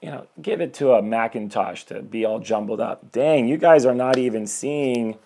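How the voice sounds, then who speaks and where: A gravelly mid-range voice at normal speed comes through over background noise. The speaker, a man in his forties, is a life coach giving a motivational live stream from home, energetic and somewhat rambling, preaching self-improvement and welcoming each new viewer.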